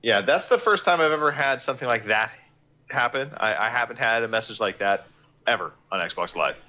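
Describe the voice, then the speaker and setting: A man's voice: medium pitch, a little fast, muffled recording. A man hosting a podcast in casual chat, telling stories animatedly and acting out the quoted lines. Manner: animated storyteller who acts out quoted lines. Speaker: podcast host.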